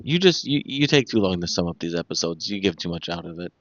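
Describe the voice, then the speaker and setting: A man's voice: low voice, animated, fast talker, fairly bright tone, no room sound, muffled recording. Dryly teasing man on a podcast. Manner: dry teasing. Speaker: podcast co-host. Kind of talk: casual podcast chat.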